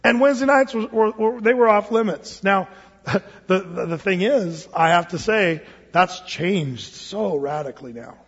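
A man's voice: sits high, animated, a little slow, gravelly, a bit bright, husky. A middle-aged man preaching a sermon as pastor, conversational with joking asides. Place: church sanctuary. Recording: dull sound with long hall reverb.

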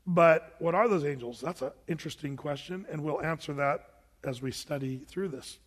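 A male pastor with a fairly high voice delivers a sermon in a casual, talky way. He often slips into imagined back-and-forth with his listeners. His voice carries a long, lingering hall reverb. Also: moderate pace. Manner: conversational, acting out imagined dialogues with listeners.

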